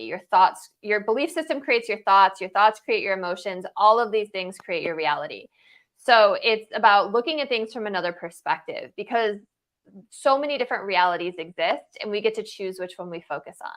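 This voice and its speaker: A woman's voice: medium pitch, fairly bright tone. Woman coach, interview guest, mid voice, emphatic, repeats her points in lists. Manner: emphatic, lists points in rhythmic repetition, tags "right?". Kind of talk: casual interview talk.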